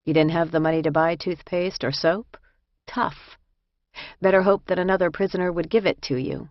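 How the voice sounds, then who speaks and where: A woman reading a first-person memoir aloud in a measured, reflective way. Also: on the low side, fairly even intonation, no room sound. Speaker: audiobook narrator. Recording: dull lo-fi dry recording.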